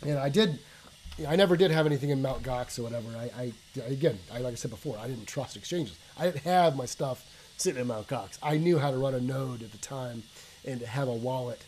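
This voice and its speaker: A man's voice: mid-range voice, brisk, low-quality recording. A man co-hosting a casual chat from his basement, telling stories animatedly with casual swearing and lots of restarts. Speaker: co-host. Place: home basement. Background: faint hum of a water softener.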